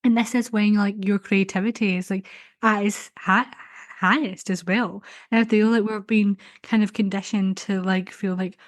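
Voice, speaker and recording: A woman's voice: medium pitch, steady tone, normal speed, no echo. Chatty young woman, dry close sound. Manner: chatty, heavy use of "like". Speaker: podcast co-host. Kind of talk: casual chat.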